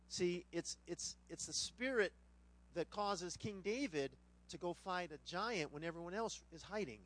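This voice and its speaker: A middle-aged male pastor preaching, his voice sitting high and swinging widely up and down. He slips into humorous storytelling and puts on voices for the people in his tales. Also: sharp tone. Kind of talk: sermon with a personal anecdote.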